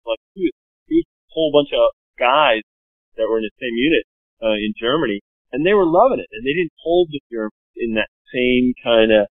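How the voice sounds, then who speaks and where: A man's voice: medium pitch, animated, fairly quick, no room sound. A man appearing as a podcast guest, telling stories casually in a rambling way full of "you know". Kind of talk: casual storytelling chat. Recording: dry, phone-like narrow sound.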